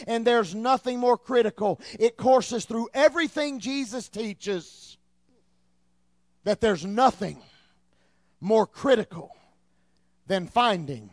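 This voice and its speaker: A man in his thirties preaching a sermon in church, telling a story in an animated way and repeating words as he gets excited. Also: extremely high pitch, slow pace, long pauses, dry recording, clean studio sound. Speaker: pastor.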